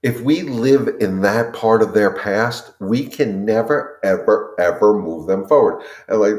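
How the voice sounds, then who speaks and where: Man, fairly deep, a dog trainer hosting a casual live Q&A, earnest and repetitive, roomy echo. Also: a little slow, a little mellow. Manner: earnest, repetitive, often addresses "guys". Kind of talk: impassioned casual talk to viewers.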